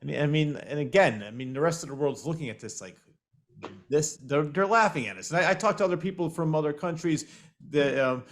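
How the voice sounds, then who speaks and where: A man hosts a casual interview and chimes in with agreement before giving his own views. His voice sits a little high and plain. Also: a little fast. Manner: agreeable, backchannels often. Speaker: podcast host.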